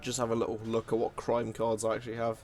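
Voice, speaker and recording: A man's voice: medium pitch, completely flat delivery, fast, a little mellow, soft background music. A man giving casual, self-mocking commentary while playing a card game, often laughing at himself. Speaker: gaming video host.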